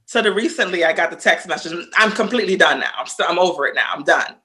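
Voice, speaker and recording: A woman guest on a casual podcast telling a story, animated and profane, acting out both sides of the conversation. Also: fairly low pitch, quick pace.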